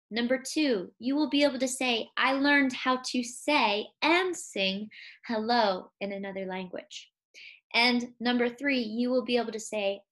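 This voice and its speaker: A young woman teaching a recorded music lesson to kindergarteners, speaking slowly and clearly, coaching them and singing simple songs. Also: fairly high pitch, a bit bright. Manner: slow, clear and encouraging, speaking to young children; sings simple songs and gives call-and-response prompts.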